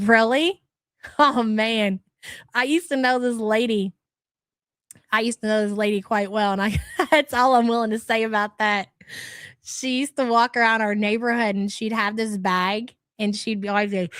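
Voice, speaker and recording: Woman, fairly high voice, livestream host, blunt exasperated rants, heavy swearing, frequent laughs, dry close mic. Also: fairly bright tone, no echo. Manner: blunt, profane, exasperated ranting; laughs often. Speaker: livestream host reading chat. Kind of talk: casual livestream rant.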